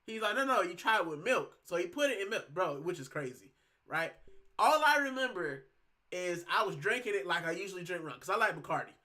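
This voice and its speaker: A man from Puerto Rico chats casually as a show host, with a high, bright, forceful voice. He tells stories in loose slang and says bro a lot. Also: animated, brisk. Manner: slangy storytelling, keeps saying bro. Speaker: football channel host. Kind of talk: casual chat.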